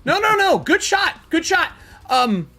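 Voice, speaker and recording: A man voicing a frazzled, apologetic woman inventor who stammers and shouts down from her fortress in a tabletop game. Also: mid-range voice, sing-song, unhurried, soft background music, voice pushed up. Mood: flustered.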